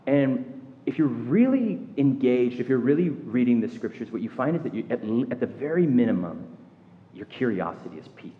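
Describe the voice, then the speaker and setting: A man preaching with a very animated pitch that rises and falls as he asks his congregation questions. His voice carries a long hall reverb, and the sound is a little muffled and lo-fi. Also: a little fast. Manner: conversational, questioning, lively emphasis. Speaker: pastor. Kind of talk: sermon.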